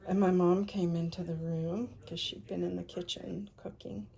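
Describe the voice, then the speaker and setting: A woman in her fifties telling a personal faith testimony, soft-spoken and often sinking into a breathy whisper. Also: lowish voice, fairly even intonation, moderate pace. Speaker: speaker sharing a faith testimony.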